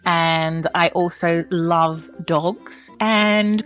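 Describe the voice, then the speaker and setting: A woman's voice: on the low side, normal speed, a bit bright, soft background music. A woman co-hosting a podcast, an opera soprano chatting in a playful, mischievous way. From Australia. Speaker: podcast co-host, opera singer. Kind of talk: casual chat.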